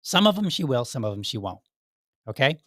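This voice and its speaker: An American man in his forties talks through relationship advice on his own podcast, loose and rambling, often doubling back on himself. His voice sits at an ordinary middle pitch. The recording is close and dry, with no room sound. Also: sing-song, a little fast, a bit bright, dry recording. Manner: conversational and rambling, with frequent restarts. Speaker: podcast host. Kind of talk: casual advice monologue.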